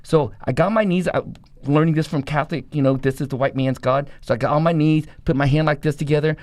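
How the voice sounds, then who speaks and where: A man rattles off his life story at a quick clip, blunt and profane. His voice sits a little high for a man. The sound is close and dry, with no room around it. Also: fairly even intonation, darkish tone, no echo. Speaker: guest, former gang member. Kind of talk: personal testimony in conversation.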